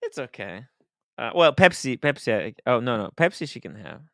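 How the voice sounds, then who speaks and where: A man hosting a casual livestream chat, his voice bright and crisp. He is animated, laughs a lot and drifts into quiet mumbles. The sound is close and dry. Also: mid-range voice, moderate pace, dry recording. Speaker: host.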